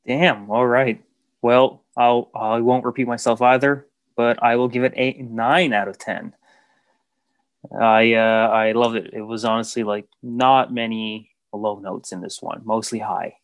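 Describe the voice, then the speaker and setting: A man co-hosting a casual podcast, talking in a relaxed, enthusiastic way with many fillers. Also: medium pitch, measured pace, no echo. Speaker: podcast co-host.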